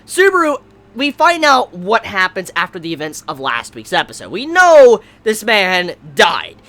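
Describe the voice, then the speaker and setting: A woman giving a casual, animated anime episode review, swearing freely and breaking into loud outbursts. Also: medium pitch, unhurried.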